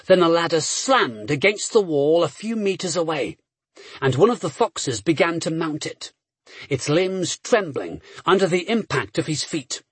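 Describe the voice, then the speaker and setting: A man's voice: a little high, animated, a little slow, husky, dry recording. A man reading a story aloud as an audiobook narrator with a dramatic, varied delivery.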